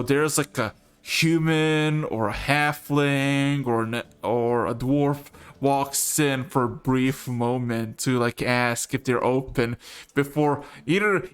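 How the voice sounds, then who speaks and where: A man's voice: mid-range voice, a bit bright, clear, resonant tone. A man narrating as game master of a tabletop game, rambling with restarts and casual swearing.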